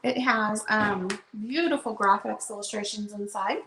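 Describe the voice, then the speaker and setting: A woman's voice: mid-range voice, moderate pace, a bit bright, slight background noise. A woman chatting casually as she shows books for a live online sale. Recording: roomy echo.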